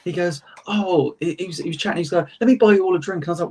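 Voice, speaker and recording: A young British man on a chat panel, telling lively anecdotes and acting out the people in them. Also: a little high, racing, hardly any pauses, slightly rough. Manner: animated anecdotes, acting out quotes, self-laughing. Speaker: panel co-host. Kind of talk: casual storytelling chat.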